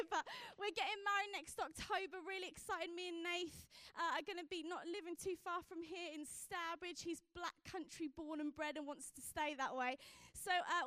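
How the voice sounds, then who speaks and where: Young woman evangelist, super high voice, chatty testimony full of uh and kind of, dry close sound. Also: a bit bright, dry recording. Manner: chatty storytelling with many fillers. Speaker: youth evangelist. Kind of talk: personal testimony talk from a stage.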